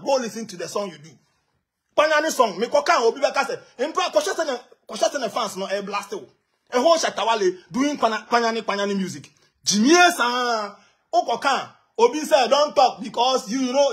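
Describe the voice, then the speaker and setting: A Ghanaian man ranting heatedly in pidgin, taunting and shouting in bursts. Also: very high voice, breathy edge. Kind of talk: heated rant.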